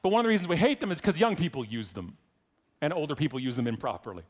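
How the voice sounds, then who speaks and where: A man giving a conference keynote speech, an irreverent, joking storyteller with rapid, animated asides. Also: a little high. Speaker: keynote speaker.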